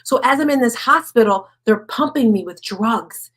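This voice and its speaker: A woman giving a personal motivational talk, chatting with the audience, asking them questions and slowing right down on key lines. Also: a little high, animated, a bit bright. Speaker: speaker at a women's event.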